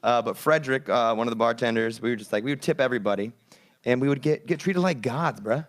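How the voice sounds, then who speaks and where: A man's voice: mid-range voice, fast. A young man co-hosting a podcast, telling rambling stories in a casual, laid-back way with crude jokes, in a studio. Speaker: podcast co-host. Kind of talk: casual chat.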